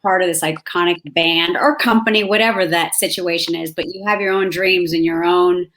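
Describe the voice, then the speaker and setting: A woman's voice: on the low side, steady tone, normal speed, fairly bright tone, slight background noise. A woman hosting a casual interview, asking thoughtful questions. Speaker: host. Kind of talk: interview host chat.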